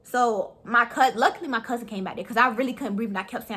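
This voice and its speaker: A young woman telling a story in a vlog, animated and profane, talking fast. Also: on the high side, breathy edge. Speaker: vlogger.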